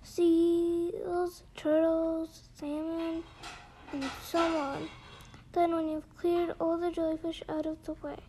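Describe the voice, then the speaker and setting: A woman voicing the sorrowful male Mock Turtle in a storybook reading, slow and mournful. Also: very high-pitched, level tone, dark tone, slight background noise.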